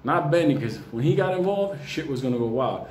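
A man's voice: medium pitch, expressive, fairly quick. Guy swearing nonstop through a story, echoey room, bit of hiss. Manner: swears heavily, laughs often. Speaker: market commentator telling a story. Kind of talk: profane casual storytelling. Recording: echoey room, faint ambient noise.

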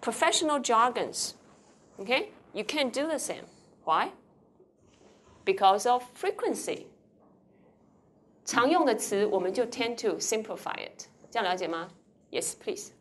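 A woman's voice: fairly high pitch, very animated, unhurried, long pauses, fairly bright tone. A woman lecturing a university class, switching between Mandarin with a Taiwanese accent and English, quizzing students as she explains. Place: lecture hall.

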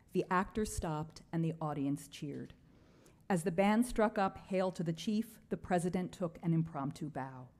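A woman with a mellow, fairly low voice reads aloud from her own book at a book festival. Her delivery is measured and clear. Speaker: author on a panel. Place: book fair event.

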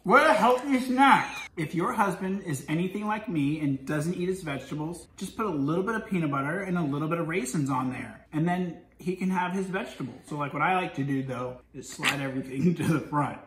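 A man's voice: on the high side, a little fast, few pauses. Man in his 30s, playful vlog host, jokey delivery; roomy home recording with faint noise. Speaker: vlogger, husband. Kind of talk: casual vlog chat. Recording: echoey room with faint noise.

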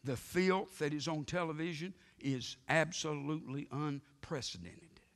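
A male pastor preaching a sermon emphatically, swinging between loud outbursts and hushed lines, with frequent amens. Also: fairly high pitch, a little slow. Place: church sanctuary. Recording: reverberant church sanctuary broadcast.

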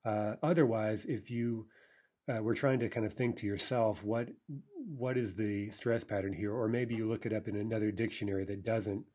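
A man's voice: fairly low pitch, fairly even intonation, moderate pace, darkish tone. A man teaching a recorded language lesson, explaining step by step and checking in with "right?" as he sounds out verb forms. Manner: pronounces foreign verb forms carefully.

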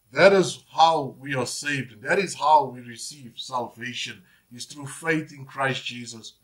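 A man's voice: medium pitch, fairly bright tone. A man, preaching a sermon as pastor, emphatic and repetitive, often saying "Praise God". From South Africa.

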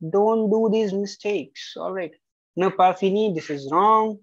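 French tutor marking homework out loud, slow and blunt, keeps repeating the rules, dull lo-fi sound. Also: mid-range voice, no room sound. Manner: blunt corrections, repeats key rules, spells out letters. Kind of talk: correcting a student's homework aloud. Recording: slightly dull lo-fi recording.

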